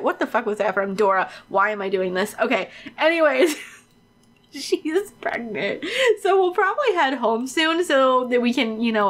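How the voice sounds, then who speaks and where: A woman giving casual, excitable gameplay commentary on her own let's play, chatty and swearing freely. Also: fairly high pitch.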